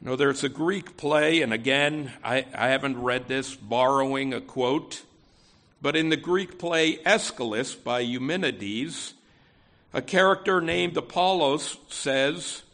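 A man's voice: mid-range voice, unhurried, a bit bright. A man preaching an expository sermon. He talks conversationally, often saying "you know" and restarting phrases. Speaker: pastor.

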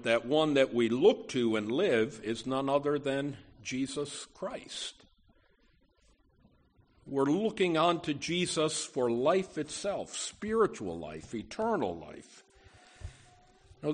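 A man preaching a sermon as pastor, earnest and emphatic, with frequent "you know" asides and repeated words. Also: mid-range voice.

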